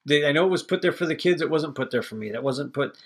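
This man's voice is fairly high, expressive and husky, moving at a quick pace. As a podcast co-host he chats casually about a movie, opinionated and rambling, swearing freely throughout the review.

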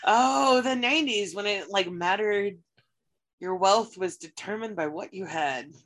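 A woman's voice: mid-range voice, measured pace. A woman co-hosting a podcast in casual chat, laughing often and agreeing readily. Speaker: podcast co-host.

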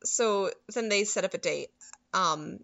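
Woman, casual recap co-host, lively quoting, dull-toned dry recording. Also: medium pitch, creaky, no room sound. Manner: animated retelling with quick character quotes. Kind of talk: casual chat recapping a movie.

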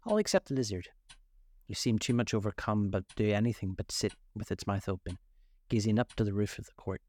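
A man narrating a children's classic aloud in a measured, expressive read-aloud style. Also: lowish voice. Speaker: storyteller. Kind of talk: scripted narration.

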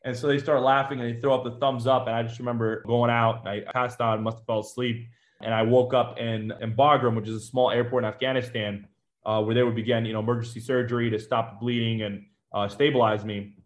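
A man speaks quickly in a mid-range voice, recounting his own experience as a former Marine during an interview. He talks in a conversational, matter-of-fact way, with fillers and small restarts as he goes. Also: mid-range voice, little pitch movement. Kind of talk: personal storytelling in an interview.

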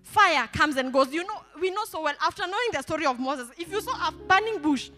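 A woman pastor preaches with high, bright energy, prompting the congregation to answer her. Her voice rings through a reverberant church hall with faint music underneath. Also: a little fast. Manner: animated, call-and-response with the congregation. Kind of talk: sermon.

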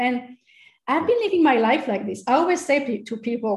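French-accented woman guest, fairly high voice, lively and laughing, roomy echo. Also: quick pace. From Corsica, France. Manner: animated, laughs often, acts out quotes. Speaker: fitness coach, guest. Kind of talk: casual interview chat.

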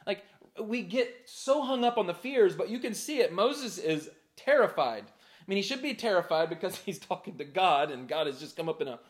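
A man with a fairly high voice delivers a sermon. He talks in an easygoing, conversational way, and his voice jumps up when he plays out the excuses of the people in the story. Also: expressive, moderate pace. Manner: conversational preaching with many "like"s and laughs; acts out Moses' excuses in a raised voice. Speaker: pastor.

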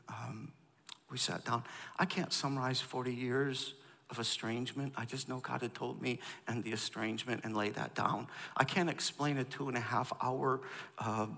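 A man's voice: mid-range voice, measured pace, creaky, big-room sound. A pastor in his fifties telling a candid personal story in a sermon, acting out both sides of the conversations. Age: 50s. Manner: candid, animated storytelling, acts out dialogue.

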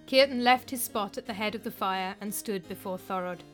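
A woman reading a story aloud in a measured, even narrating voice. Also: medium pitch, faint music behind. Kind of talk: audiobook narration.

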